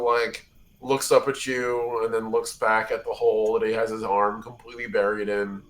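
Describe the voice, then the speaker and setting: Brief: male game master, casual rambling narration, low-pitched and bright, faint music behind. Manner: rambling, casual description full of fillers.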